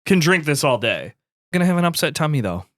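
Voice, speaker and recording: A man co-hosting a casual podcast, loose and joking, who swears freely and drops deadpan jokes. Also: on the high side, fast talker, no echo, studio quality. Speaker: podcast co-host. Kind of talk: casual chat.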